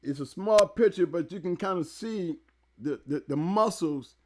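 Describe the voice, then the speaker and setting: A man hosting a casual talk show interview, excitable and loud, often repeating words as he speaks into a close mic. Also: high voice, moderate pace. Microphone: handheld mic held close.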